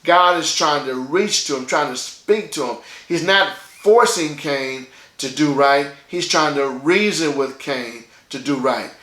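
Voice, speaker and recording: A man's voice: a little high, a little slow, fairly bright tone, roomy sound. A man delivering a sermon as pastor, in a conversational style, checking in with his listeners by asking "okay?" again and again.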